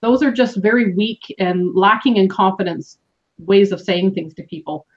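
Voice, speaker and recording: A woman's voice: mid-range voice, normal speed. Coaching woman on a dull call line. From Canada. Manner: earnest, coaching, with fillers. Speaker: team call host. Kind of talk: motivational team call talk.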